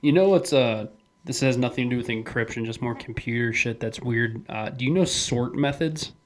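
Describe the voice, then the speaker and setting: A man's voice: mid-range voice, normal speed. A young man co-hosting a podcast, talking casually, swearing freely and laughing as he explains things. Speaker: podcast co-host. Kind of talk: casual chat.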